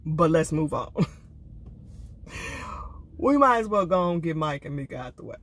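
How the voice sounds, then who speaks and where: A woman's voice: low-pitched, big pitch swings, unhurried, slight background noise. An older woman, giving casual commentary on a reality show with sassy, laughing asides. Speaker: reality TV reviewer.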